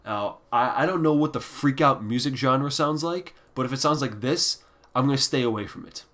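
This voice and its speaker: A man reviewing albums in a casual ranking video, ranting bluntly and with heavy swearing, sometimes sinking into quiet, deflated muttering. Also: mid-range voice, normal speed. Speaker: music reviewer.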